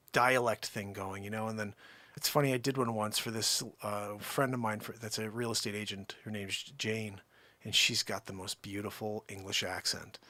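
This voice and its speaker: A man hosting a live stream, rambling through effusive shout-outs to viewers in casual chat. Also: on the low side, no room sound. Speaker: livestream host.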